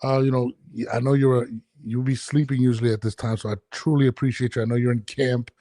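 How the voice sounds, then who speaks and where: Mellow-voiced man hosting a podcast. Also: medium pitch, little pitch movement, no room sound, clean studio sound. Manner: loose, halting talk with many restarts. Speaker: podcast host. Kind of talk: casual video-call interview.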